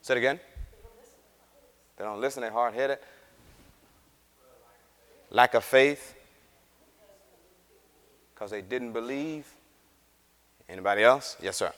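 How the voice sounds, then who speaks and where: A man teaching a Bible class, animated and acting out the scripture characters as he reads. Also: medium pitch, slow, pauses often. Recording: reverberant room.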